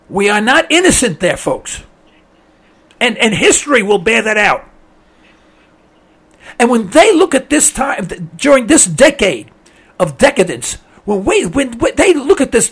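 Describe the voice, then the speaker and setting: A man hosting a call-in radio show, giving emphatic, opinionated commentary and addressing listeners as folks, his voice giving out as he clears his throat. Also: very high voice, a bit bright.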